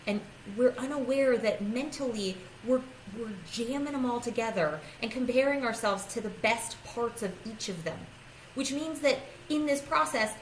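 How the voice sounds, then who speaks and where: Woman, personal growth coach vlogging: casual, self-deprecating, quick to laugh, faint background hum. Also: fairly high pitch, poor audio. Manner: chatty and self-deprecating, laughing often, with frequent restarts. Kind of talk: casual talking-to-camera vlog.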